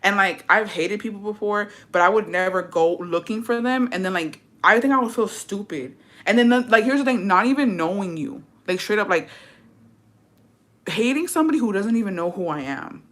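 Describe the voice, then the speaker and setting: A woman's voice: medium pitch, lively intonation, moderate pace, a bit bright. A woman in her twenties telling a story in casual vlog chat, swearing freely and slipping in Spanish phrases. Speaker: vlogger.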